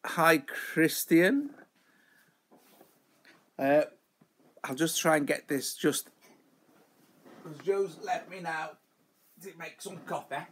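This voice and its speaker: A man's voice: a little high, takes it slowly, pauses often, husky. A man hosting a casual live stream from home, rambling and chatty as he greets viewers by name.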